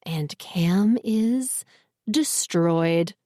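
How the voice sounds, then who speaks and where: A woman narrating a first-person romance audiobook in a steady, earnest reading voice. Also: on the low side, slow pace, dry recording, studio quality.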